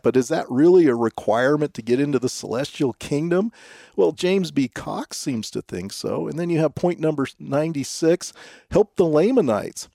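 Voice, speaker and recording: Dark-voiced man, skeptical and emphatic. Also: fairly high pitch, gravelly, dry recording, clean studio sound. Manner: skeptical, emphatic, reads quotes aloud. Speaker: co-host. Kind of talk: scripted discussion.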